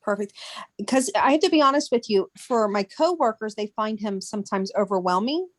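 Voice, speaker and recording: A woman's voice: medium pitch, lively intonation, normal speed, no room sound. A woman child care teacher asking a question on a webinar, hesitant and searching for words. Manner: hesitant, searching, with many restarts.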